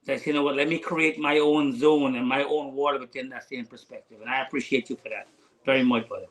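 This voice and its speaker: A man speaking as a podcast guest, earnest and halting, with many fillers and restarts. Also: mid-range voice, steady tone, a bit bright, poor audio. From United States. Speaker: guest rider. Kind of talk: heartfelt casual conversation.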